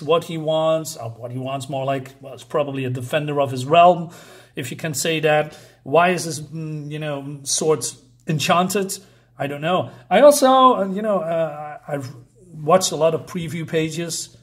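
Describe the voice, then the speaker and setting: A man reviewing a comic in a casual, hesitant way with many fillers and restarts. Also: a little high.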